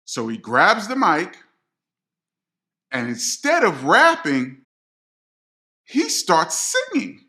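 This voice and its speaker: A middle-aged man, a DJ telling a personal story straight to his viewers in a slangy, animated way. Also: high-pitched, slow, long pauses. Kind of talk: storytelling to camera.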